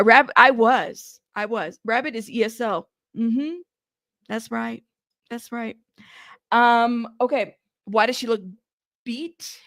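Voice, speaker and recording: A woman's voice: on the high side, gravelly, a bit bright, no echo, clean studio sound. A woman hosting a news livestream in casual chat, talking straight to her viewers and laughing at herself.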